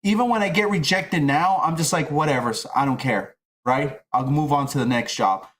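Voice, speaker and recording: A man's voice: on the high side, moderate pace, fairly bright tone. A middle-aged man streaming, ranting casually and profanely about job rejections. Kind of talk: casual rant while streaming.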